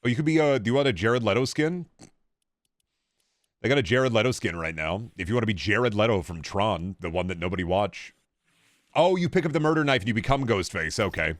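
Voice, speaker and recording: A young man with a fairly low voice keeps up casual commentary while he plays a video game on stream. He rambles between thoughts, swears freely and answers his viewers as he goes. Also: animated, fairly quick, dry recording, clean studio sound. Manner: rambling, profane, chatting with viewers while playing.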